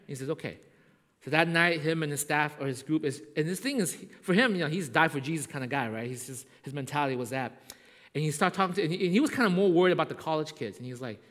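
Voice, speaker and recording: A male pastor preaching a sermon, telling a story with frequent asides of "right?" and swinging between loud and hushed delivery. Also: a little high, big-room sound.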